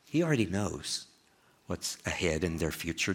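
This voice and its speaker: A man with an East Texas accent preaching a sermon as pastor, chatty and full of questions to his listeners, with big swings in pitch and loudness for emphasis. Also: lively intonation, normal speed, breathy edge. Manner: conversational, asks the listeners frequent questions.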